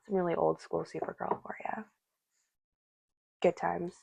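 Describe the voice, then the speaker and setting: A woman's voice: fairly low pitch, little pitch movement, measured pace, creaky, a little mellow, breathy edge, no echo. A woman giving a casual spoken tarot reading, musing aloud and speaking directly to the spirits and to her viewers. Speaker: tarot reader.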